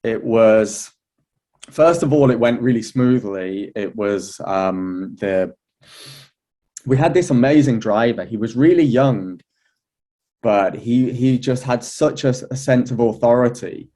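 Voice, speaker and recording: A man, an astrology teacher, telling a personal story in a relaxed, chatty way, with many fillers, restarts and an occasional laugh. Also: medium pitch, takes it slowly. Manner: laughs now and then. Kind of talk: relaxed anecdotal talk.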